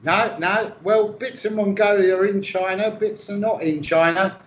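A man from England with a noticeably high voice, co-hosting an improvised comedy chat. He rambles through absurd claims in a mock-earnest way and swears freely. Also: steady tone, moderate pace, lo-fi sound. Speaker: comedy co-host.

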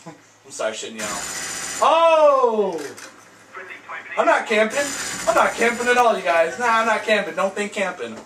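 An excitable young man talks over his gameplay, with a high, lively voice that jumps into loud trash-talk. He sits back from the mic in an echoey room at home, and noise is clear behind him. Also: a little slow, distant mic. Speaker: gaming YouTuber. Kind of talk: gameplay reaction commentary.

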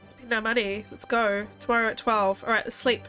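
A woman streaming a game, chatting and thinking aloud excitedly, a little under the weather. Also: a little high, a little fast, soft background music. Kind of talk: casual game commentary.

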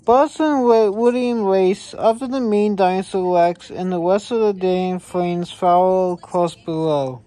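Lady reading a kids' storybook real slow, soft warm voice, kinda halting. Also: lowish voice. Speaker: reader. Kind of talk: reading a children's picture book aloud.

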